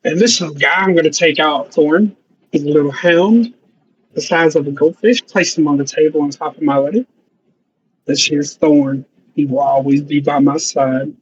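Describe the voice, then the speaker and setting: A man's voice: on the high side, steady tone, moderate pace, dull audio, natural voice. A man voicing a blunt, loyal halfling warrior who proudly shows off his gear in a tabletop game. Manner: blunt and boastful.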